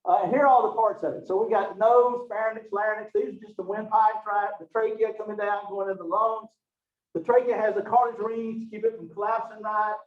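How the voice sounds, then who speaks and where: A man gives a loose, folksy classroom lecture, chatting and joking with his students as he goes. His voice sits high for a man. The room is echoey, he is heard from some distance, and the sound is dull and lo-fi. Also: steady tone, brisk. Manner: folksy and chatty, Southern phrasing. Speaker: college anatomy and physiology instructor.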